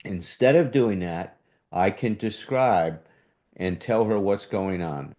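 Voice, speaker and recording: A man's voice: fairly low pitch, slow, mellow. A man teaching a relationship workshop in a conversational way, sometimes acting out what defensive speech sounds like. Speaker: workshop leader.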